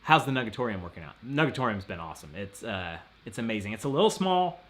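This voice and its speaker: A man's voice: fairly low pitch, very animated, fast, a bit bright. A man hosting a casual live stream, rambling and laughing often as he reads out viewer messages.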